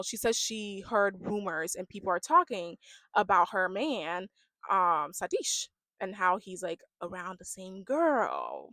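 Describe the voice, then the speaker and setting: Woman, casual rant, mid-pitched voice, acts out quotes, loud then hushed. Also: no echo. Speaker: reality show reviewer.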